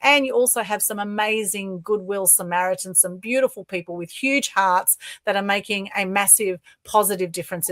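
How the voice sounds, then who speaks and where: A woman's voice: mid-range voice, a bit bright, no echo. A woman with an Australian accent co-hosting a casual livestream talk show. She talks in a chatty, upbeat, promotional way over a video call. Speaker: co-host.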